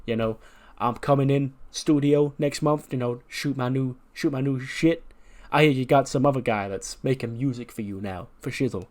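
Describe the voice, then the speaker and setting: Dude putting on a chill slangy rapper, lazy drawl. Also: male voice, mid-range voice, normal speed, darkish tone, close to an everyday voice. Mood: laid-back. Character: laid-back famous rapper, male, slangy.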